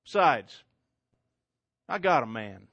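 A man's voice: medium pitch, very animated, slow pace, gravelly, a bit bright, dry recording, muffled recording, exaggerated voice. A man voicing a young woman who pushes away an admirer. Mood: defiant. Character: defiant young woman, tired of a suitor.

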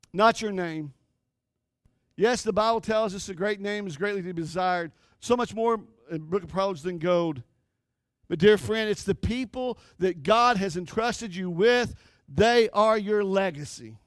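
Male pastor, middle-aged, high voice, fervent sermon, dry close sound. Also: smooth, no room sound. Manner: impassioned preaching, rising and falling emphasis.

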